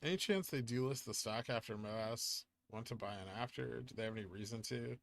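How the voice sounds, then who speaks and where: A man with a mid-range, creaky voice hosts a casual livestream, briskly answering questions from viewer chat in a laid-back, offhand way.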